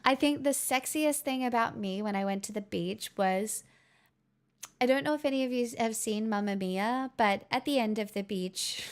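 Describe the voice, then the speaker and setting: Wearing a headset mic, a young woman live streams and chats casually with her viewers. Her mid-range voice is clear and resonant, and she comes across as giggly, rambling and self-mocking.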